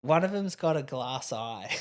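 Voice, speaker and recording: A young Australian comedian spins stories in casual podcast chat, playing out the voices of the people he quotes. His delivery is animated and sits at a middle pitch. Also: a little slow. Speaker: comedian guest.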